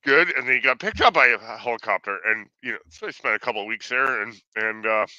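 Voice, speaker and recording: A man's voice: medium pitch, fast talker, pushed and bright, no echo, lo-fi sound. A man telling a story in casual chat, full of fillers and swearing.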